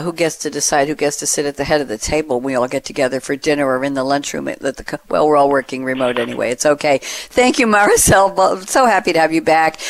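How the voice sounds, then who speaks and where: A woman hosting a panel discussion, chatty and playful, with quick asides. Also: low voice, dry recording. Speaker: host.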